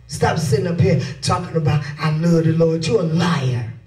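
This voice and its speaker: A woman's voice: sits low, animated, normal speed, hardly any pauses, warm tone. A woman pastor preaching a sermon in a candid, conversational way, laughing along as she goes. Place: church sanctuary. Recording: echoey room from a distance.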